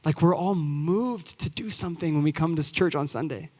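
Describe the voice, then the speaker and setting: In a church sanctuary with lingering hall reverb, a twenty-something youth pastor delivers a heartfelt sermon that rises into insistent repeated phrases. His pitch is fairly high, his tone somewhat dark, and his speed normal.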